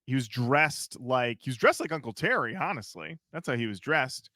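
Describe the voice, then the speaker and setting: Man, podcast co-host, casual storytelling, animated, acts out quotes, dry close sound. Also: mid-range voice, moderate pace, no echo.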